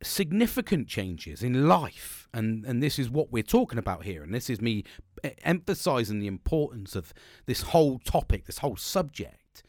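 A man speaks in a loose, rambling monologue, cursing freely and circling back on himself. His voice sits at an ordinary pitch. The recording is dry and close. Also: big pitch swings, moderate pace, darkish tone, dry recording. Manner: frank, sweary, rambling with restarts. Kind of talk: casual monologue.

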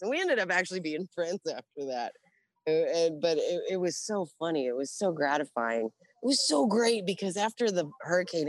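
A woman's voice: low voice, no room sound. A middle-aged woman, a Navy veteran guest, telling blunt, profane stories in a casual interview and acting out what others said. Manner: profane, blunt, animated with quoted voices. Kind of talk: casual storytelling.

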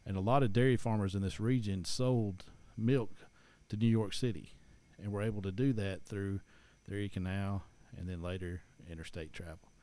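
A man's voice: on the low side, steady tone, moderate pace, few pauses, dark tone. A man, chatting casually and rambling with many restarts. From East Tennessee. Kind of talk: casual chat.

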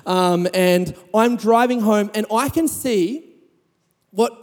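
A man preaching a sermon, telling a funny personal story with lively sound effects. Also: high voice, slow pace, in a large hall.

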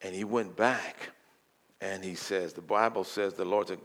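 An older man preaching a sermon as a guest, telling folksy stories and building from quiet talk to loud declarations. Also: fairly even intonation, a little slow. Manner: folksy, swells from low murmur to loud preaching. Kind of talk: sermon with storytelling.

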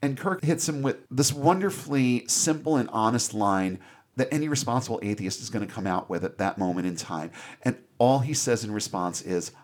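Sarcastic guy doing a casual film recap, mid-pitched voice. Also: moderate pace. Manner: sarcastic, irreverent.

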